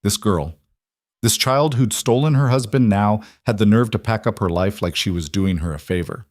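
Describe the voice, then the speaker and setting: Low-voiced male story narrator. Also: normal speed, a little mellow, no room sound, clean studio sound.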